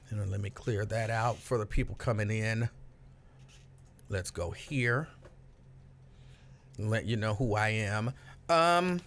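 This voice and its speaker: Chatty man telling a story live. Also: on the high side. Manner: chatty and animated, talks straight to viewers. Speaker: livestream host. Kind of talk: casual storytelling to a live chat.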